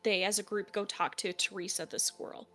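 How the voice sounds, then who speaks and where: A woman's voice: medium pitch, fairly even intonation, fairly quick, a bit bright, faint music behind. A woman narrating a tabletop game as game master in a casual, chatty way. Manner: casual, chatty, with fillers and laughs.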